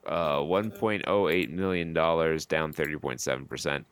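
A man co-hosting a podcast, running through box office figures with wry, quick asides. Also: extremely low pitch, fairly even intonation, fairly bright tone, clean tone, no room sound. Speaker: podcast co-host. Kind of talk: reading box office numbers in casual podcast chat.

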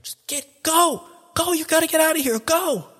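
A man's voice: very high voice, normal speed, a bit bright, long reverb tail, pitched above the performer's own voice. A man voicing a desperate trapped cat who pleads with a friend to escape. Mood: pleading.

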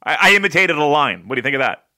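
Lively bright-voiced man, casual swearing. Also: a little high, racing. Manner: loose, swearing, laughing often. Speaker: podcast host. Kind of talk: casual chat.

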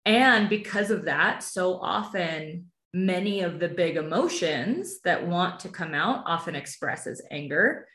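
Female podcast host, conversational, slightly low pitch, reverberant room. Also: expressive, measured pace, hardly any pauses. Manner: warm, conversational, tags phrases with "right?". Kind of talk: casual interview chat.

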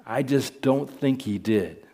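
Slow, earnest male preacher. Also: mid-range voice, animated, dark tone. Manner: earnest, repeats phrases for emphasis. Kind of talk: sermon.

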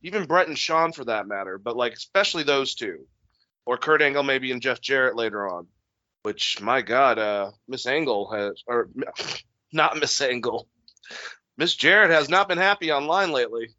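Bright-toned man, rambling profane podcast banter. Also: medium pitch, lively intonation, normal speed, no room sound. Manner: loose, profane, rambling asides. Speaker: podcast co-host. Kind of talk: casual wrestling chat. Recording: dull lo-fi dry recording.

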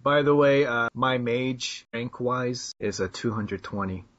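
A man's voice: medium pitch, a little slow, fairly bright tone. A young man hosting a casual podcast chat, teasing his co-host in a dry way and muttering asides. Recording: dull lo-fi home mic.

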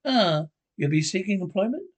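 A prim immigration officer. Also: male voice, high-pitched, lively intonation, normal speed. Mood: officious. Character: stuffy British immigration officer, fussy. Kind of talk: 1970s film comedy acting.

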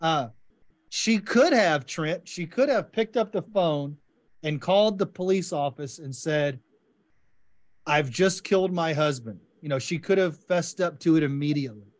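A podcast host with a slightly high voice talks enthusiastically about a short story at a moderate pace. He steers the casual literary discussion with questions.

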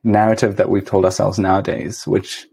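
Mellow, husky man musing thoughtfully. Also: low voice, little pitch movement, normal speed. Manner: thoughtful, hesitant, many ums. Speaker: podcast guest. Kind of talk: casual chat.

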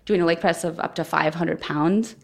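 A woman's voice: lowish voice, fairly even intonation, moderate pace, vocal fry. A woman interviewed as a guest, telling her story candidly and thoughtfully in conversation. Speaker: guest, former Olympic figure skater.

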